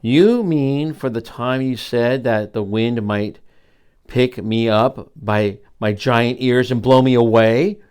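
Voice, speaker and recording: An older man voicing a suspicious big-eared cat in a storybook, speaking slowly. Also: mid-range voice, a little mellow, smooth, close to an everyday voice. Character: squinting big-eared male serval cat.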